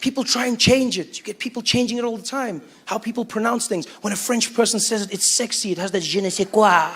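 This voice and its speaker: A man's voice: high voice, fast talker, a bit bright, slight background noise. A man doing a stand-up set in a chatty, easygoing way, often saying "you know", on a stage mic. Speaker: stand-up comedian. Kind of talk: stand-up comedy routine. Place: comedy stage.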